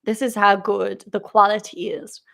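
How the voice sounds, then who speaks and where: A woman vlogger telling a story in a chatty, animated way, acting out the people she quotes. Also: mid-range voice, moderate pace, gravelly.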